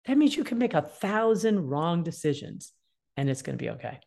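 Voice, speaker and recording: With a lowish, slightly fast voice and some vocal fry, a woman in her sixties speaks casually as a guest. She gives parenting advice and expressively acts out children's feelings in quoted voices.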